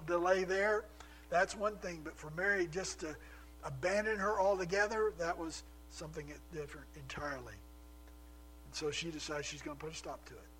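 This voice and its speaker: Pria pengkhotbah bersuara agak tinggi. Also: male voice, on the high side, fairly bright tone, slight background noise, low-quality recording. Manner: storytelling, acting out quoted lines with rhetorical questions. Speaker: preacher. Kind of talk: sermon.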